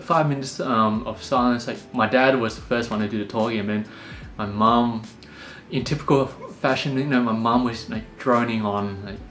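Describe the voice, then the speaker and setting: A young Australian man calmly telling a personal story, full of fillers and restarts. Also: mid-range voice. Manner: calm, many fillers and restarts. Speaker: podcast host. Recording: echoey room with faint music.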